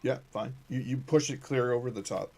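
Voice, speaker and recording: A man runs a tabletop game as dungeon master, with a voice of middling pitch. He describes each scene in halting bits, full of fillers and restarts, as if working it out on the spot. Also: darkish tone, slight background noise. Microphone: streaming setup with cameras.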